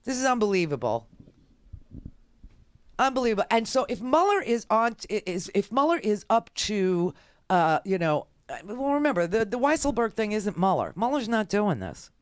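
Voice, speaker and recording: A woman's voice: mid-range voice, very animated, normal speed, no echo. A woman talk radio host giving a sarcastic, ranting political monologue.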